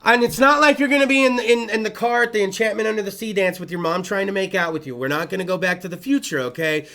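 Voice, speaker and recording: A man hosting a casual late-night talk show, loud and profane, swinging between yelling and muttering. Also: high voice, steady tone, fast talker. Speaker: host.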